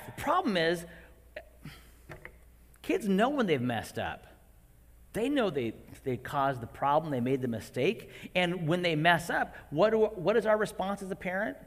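A man in his forties preaching a sermon to parents, animated and acting out his own outbursts. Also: on the high side, moderate pace. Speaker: pastor. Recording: long hall reverb.

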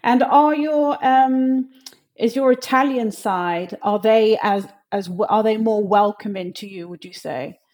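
A woman interviewing a guest, calm and probing, often agreeing as she listens. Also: a little high, measured pace. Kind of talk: conversational interview.

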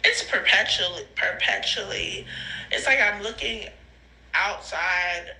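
A woman recording rambling phone voice notes while high, giggly and emotional, her thoughts drifting with frequent laughs and sighs. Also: expressive, takes it slowly, vocal fry, pushed and bright, a little hiss or hum, poor audio. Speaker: podcast host sending voice notes. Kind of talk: rambling voice-note monologue. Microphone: phone voice memo.

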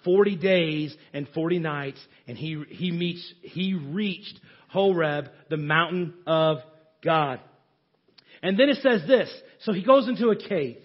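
A man preaching a sermon, swinging from hushed, soft passages to raised, shouting ones. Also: a little high, takes it slowly, slightly rough, lo-fi sound. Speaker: pastor.

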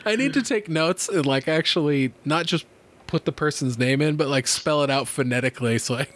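A man in his thirties hosting a podcast, telling stories in a casual, animated way, laughing often and swearing freely. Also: a little high, a little fast. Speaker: podcast host.

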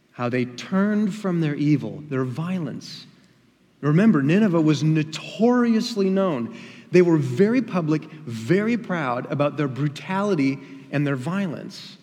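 A man delivering a sermon with emphatic rises and drops, his voice sitting a little higher than most men's. Every phrase carries a long reverb from the church sanctuary around him. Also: a little mellow. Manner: emphatic, with rising and falling emphasis. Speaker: pastor.

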